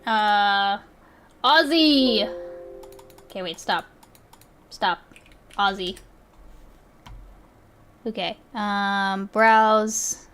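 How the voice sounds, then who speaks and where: A woman's voice: mid-range voice, extremely slow, long pauses, a bit bright, faint music behind. A woman streaming live, chatting casually and thinking aloud with frequent giggles and restarts.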